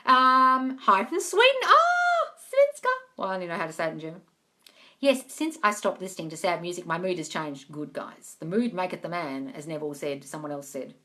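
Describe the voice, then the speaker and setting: A woman's voice: on the low side, a little fast, pushed and bright. A woman hosting a casual live question-and-answer stream from Australia, reading out viewer comments, chatting and swearing casually and calling listeners darling.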